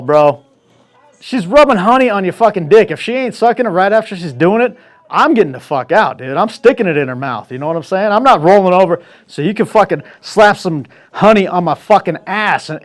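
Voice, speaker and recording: Profane, animated male storyteller. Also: high-pitched, brisk. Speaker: podcast host. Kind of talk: casual solo storytelling.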